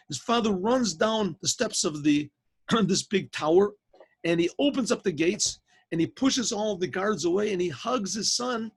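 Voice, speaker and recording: A man, a rabbi, telling a story to a class in a lively spoken way, often clearing his throat and restarting. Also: high-pitched, measured pace. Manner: animated teller, frequent throat clearing and restarts. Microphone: video call.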